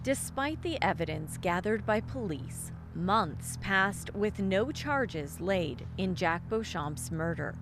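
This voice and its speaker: A woman giving scripted documentary narration in a steady, even delivery. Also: mid-range voice, slow, few pauses. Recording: narration over background music.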